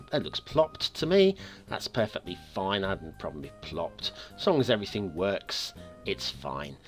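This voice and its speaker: A man hosting a game map review show, his voice sitting low while swinging widely in pitch. He talks in a chatty, upbeat way full of playful asides, with soft music playing faintly behind him.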